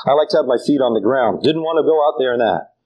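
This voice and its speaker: An older man preaching a sermon, animated and folksy, telling stories with humor. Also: mid-range voice, fast talker, dull audio. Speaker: pastor.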